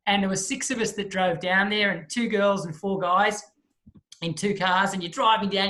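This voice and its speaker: A man, a guest speaker telling a lively story in a talk and acting out the people in it. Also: high voice, normal speed. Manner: lively storyteller who acts out the voices of the people in his story.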